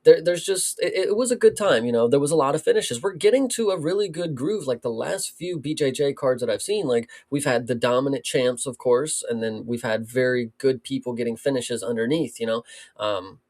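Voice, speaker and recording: A man's voice: mid-range voice, fairly quick, a little mellow. A man co-hosting a casual sports talk show, rambling with lots of fillers and restarts. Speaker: podcast co-host. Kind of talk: casual chat.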